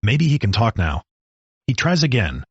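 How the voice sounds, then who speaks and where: A man narrating a story with a steady, descriptive reading. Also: medium pitch, normal speed, husky, no echo, highs cut off.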